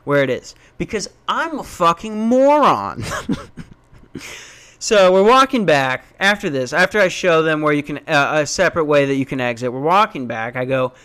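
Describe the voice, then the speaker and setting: A man's voice: normal speed, clear, resonant tone. Self-mocking man telling a story. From Minnesota. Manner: animated, self-mocking, swears, jumps into high voices when quoting. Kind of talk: casual storytelling rant.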